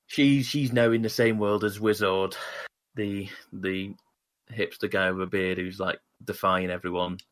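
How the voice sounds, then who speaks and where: A man's voice: low-pitched, fairly bright tone. A man co-hosting a podcast, chatting casually and rambling with many restarts and fillers. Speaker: podcast co-host. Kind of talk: casual chat about comics.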